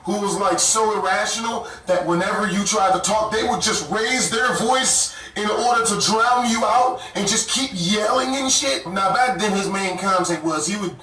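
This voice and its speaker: A man telling a story in casual, animated talk, often cursing and laughing as he goes. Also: high-pitched, normal speed, hardly any pauses. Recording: echoey room, mic far off.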